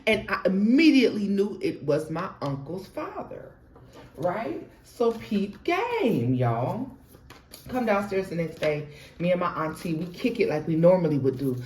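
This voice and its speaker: A young woman telling her own ghost story in an animated, chatty way, talking straight to viewers and laughing often. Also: fairly low pitch, measured pace, a little hiss or hum. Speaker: tarot reader and storyteller. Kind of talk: casual storytime vlog. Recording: roomy echo.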